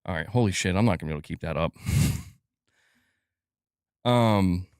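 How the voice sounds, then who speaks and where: A man's voice: low-pitched, moderate pace, a little mellow, smooth, no echo, clean studio sound. A man hosting a casual gaming news live stream, who talks loosely, swears, and laughs at himself.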